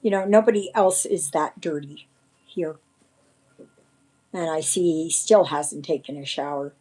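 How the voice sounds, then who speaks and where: A woman's voice: low voice, a little slow, mellow, slightly rough. A woman hosting a casual livestream, rambling in a shaken, indignant way. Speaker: livestream host.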